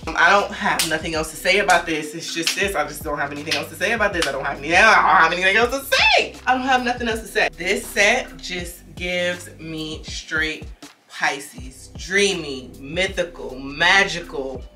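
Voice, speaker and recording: A young woman in her twenties doing a lingerie try-on haul, talking in animated slang, repeating herself and breaking into sudden high exclamations. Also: moderate pace, recorded from a distance, music in the background. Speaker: fashion vlogger.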